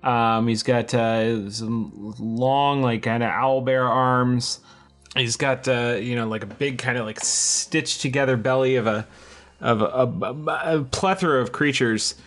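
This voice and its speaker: A man's voice: mid-range voice, steady tone, measured pace, a bit bright. A man playing a tabletop game, describing a monster in a rambling, giggly way. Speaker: player. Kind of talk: casual chat around a tabletop game.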